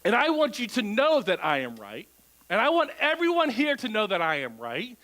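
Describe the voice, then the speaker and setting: Pastor guy preaching in church, high voice that swoops all over, keeps asking "right?". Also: normal speed, poor audio. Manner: animated, asks the crowd rhetorical questions. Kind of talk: conversational sermon.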